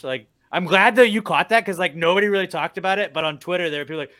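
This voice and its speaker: Bright-voiced man telling animated stories. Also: sits high, rapid-fire, few pauses, no echo. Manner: animated storyteller, swears freely, acts out quotes. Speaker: radio morning show host. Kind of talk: casual podcast chat.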